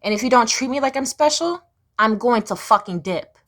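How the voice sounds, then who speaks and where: A woman's voice: a little high, expressive, normal speed, a bit bright, faint music behind. A young woman telling her life story to the camera in a blunt, profane way, now and then squealing her inner voice. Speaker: vlogger.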